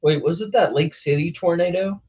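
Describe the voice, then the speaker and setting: A man's voice: fairly high pitch, moderate pace, a little mellow, slightly rough, highs cut off. A young man hosting a weather show, chatting casually on a live stream, laughing often and calling people bro. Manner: laid-back, laughing, says bro a lot.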